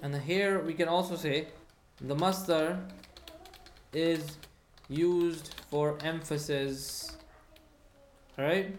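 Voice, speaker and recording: Teacher, mid pitch, patient and checking in with the class, recorded with noticeable room echo. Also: fairly even intonation, drawn-out words, pauses often, slight background noise. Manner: patient, checks understanding with frequent "hmm?" and repeats key phrases. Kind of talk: online Arabic grammar lesson, reading student comments. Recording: roomy echo.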